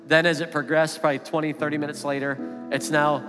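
A man's voice: a little high, brisk, hardly any pauses. A man in his thirties preaching a sermon as pastor, telling a family story in an easy, conversational way. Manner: storytelling, animated when quoting his kids. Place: church sanctuary. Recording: reverberant hall with music underneath.

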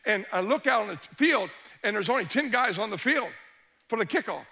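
A high-pitched man with a bright, forceful voice preaches to a congregation. He is middle-aged and tells his story with animated swings from hushed near-whispers to shouts. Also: fairly quick, creaky. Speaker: pastor. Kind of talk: sermon storytelling.

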